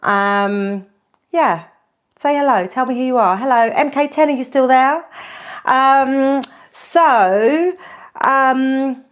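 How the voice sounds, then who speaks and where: A woman's voice: high-pitched, unhurried. Nervous, chatty woman hosting a livestream. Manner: nervous, chatty, with many ums and restarts. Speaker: food channel host. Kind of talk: live-stream cooking chat.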